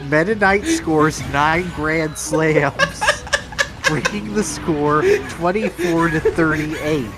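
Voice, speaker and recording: A man's voice: fairly high pitch, slow. A man playfully reading a comedic fan fiction aloud, breaking into character voices.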